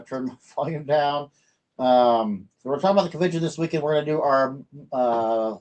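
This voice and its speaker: A man's voice: medium pitch, darkish tone, rough recording. A middle-aged man from the American Midwest hosting a casual livestream, chatting in a rambling way with many fillers and restarts. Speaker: livestream host.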